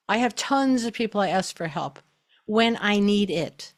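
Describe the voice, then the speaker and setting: A woman's voice: on the high side, brisk. A middle-aged woman hosting a spoken talk on self-love, chatty and emphatic. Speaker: host.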